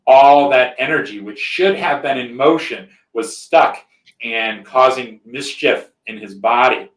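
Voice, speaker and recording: Telling a personal story in a loose podcast conversation, a man who hosts the show wanders a little and keeps asking "right?". He speaks at a medium pitch and a little slowly, sitting far from the mic in a room with noticeable echo.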